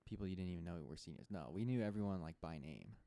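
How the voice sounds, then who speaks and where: A young man with a very low voice chats casually as a podcast co-host. He is laid-back and lets sentences trail off. The sound is dry and close. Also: lively intonation, fast, dark tone, no echo. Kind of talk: casual chat.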